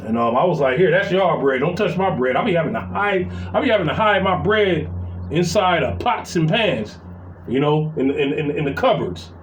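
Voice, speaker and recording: A man's voice: on the high side, animated, normal speed, lo-fi sound, slight background noise. A middle-aged man telling a long, profane story about his family, rambling and full of fillers and repeats. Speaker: vlogger venting about family. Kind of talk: casual storytelling rant. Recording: roomy echo.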